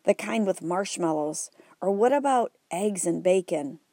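A woman's voice: fairly low pitch, animated, measured pace, warm tone, no room sound, clean studio sound. A woman reading the part of a glum, skeptical boy in a storybook, asking questions in a questioning way.

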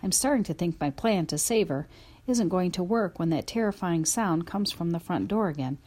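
At a moderate pace and with a lowish voice, a woman narrates a children's story for an audiobook. She takes on a dog's perspective in the first person, storytelling with lively expression.

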